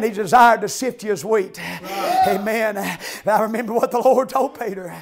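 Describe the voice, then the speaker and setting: A man preaching an old-time revival sermon, chanting his lines with "uh" breaks, shouting amens and hallelujahs. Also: high-pitched, moderate pace.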